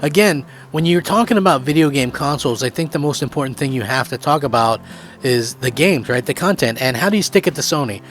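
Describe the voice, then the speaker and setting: An eager man talks through his gaming opinions in a rambling way, full of fillers and loose restarts. His voice sits at a middle pitch. A faint music track plays quietly underneath him. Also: brisk. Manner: excited, rambling, many fillers. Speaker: gaming channel host. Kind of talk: opinion commentary.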